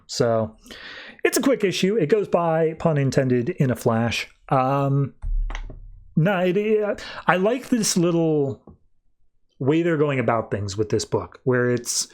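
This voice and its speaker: A man's voice: on the high side, animated, takes it slowly, darkish tone. A man hosting a podcast, casually recapping a comic book issue and leaning on "like" as he retells the plot. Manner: chatty, peppered with "like". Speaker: podcast host.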